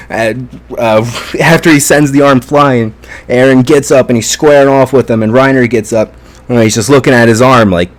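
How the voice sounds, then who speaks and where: Excitable man recapping an anime episode. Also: mid-range voice, moderate pace. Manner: excitable and profane, retells scenes with lots of fillers. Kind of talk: casual spoken review and recap.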